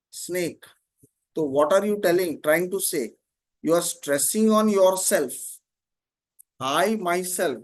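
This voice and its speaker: A man teaching an online grammar class, explaining slowly, repeating terms and often checking "Okay?". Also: sits high.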